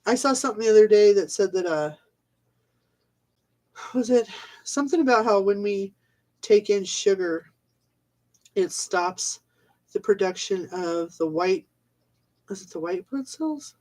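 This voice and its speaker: A woman's voice: mid-range voice, unhurried, long pauses, darkish tone, poor audio. Exasperated woman ranting. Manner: exasperated, swearing, rambling with fillers. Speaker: vlogger. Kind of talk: ranting casual monologue.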